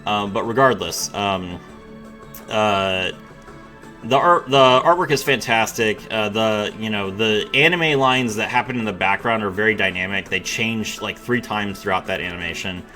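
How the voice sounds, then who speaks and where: A man's voice: on the low side, normal speed, pushed and bright, soft background music. A man giving casual, blunt commentary while rating game animations, with many filler words. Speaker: game reviewer host.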